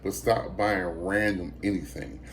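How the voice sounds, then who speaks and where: Lowish-voiced man telling a casual story. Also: unhurried, a little hiss or hum. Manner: animated storyteller, acts out quoted voices, many fillers and restarts. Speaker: thrift reseller and vlogger.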